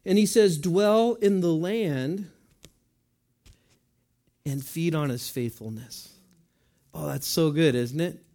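High-voiced man preaching a conversational sermon. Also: slow, pauses often, warm tone. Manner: conversational, asks the congregation questions and answers in voiced asides. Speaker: pastor.

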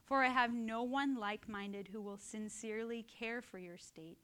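A fairly high-voiced woman gives a Bible teaching in a relaxed, conversational way. She keeps checking in with her listeners with a quick "right?" and gets animated and laughing when she tells personal stories. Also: clear, resonant tone. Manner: conversational, often adds "right?".

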